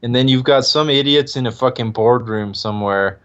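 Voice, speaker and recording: A man's voice: mid-range voice, moderate pace, a bit bright. Blunt man in a casual chat. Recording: dull lo-fi recording.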